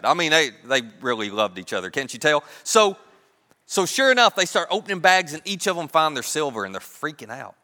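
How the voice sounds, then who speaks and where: A man preaching a sermon, telling a story in a lively way and acting out the characters' voices. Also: fairly high pitch, fairly quick. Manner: animated, acts out characters' voices. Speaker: pastor. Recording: long reverb of a large hall.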